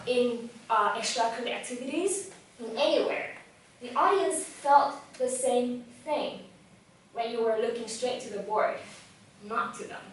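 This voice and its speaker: A young woman giving a lively talk on public speaking to a live audience, telling a personal story and asking the audience questions. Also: sits high, a little hiss or hum. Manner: lively storytelling, acts out quoted thoughts, asks the audience questions. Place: event room with live audience. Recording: very echoey room, voice from far off mic.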